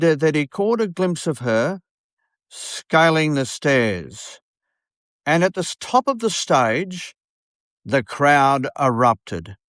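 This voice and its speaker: A man, a radio host telling a story in an earnest, unhurried way, with many fillers. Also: a little high, a bit bright, no echo, clean studio sound. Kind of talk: storytelling monologue.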